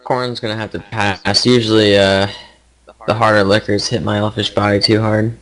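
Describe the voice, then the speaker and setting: A man's voice: on the low side, little pitch movement, moderate pace, fairly bright tone, low-quality recording. A man playing an elf character in a tabletop game, polite and formal. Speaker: player.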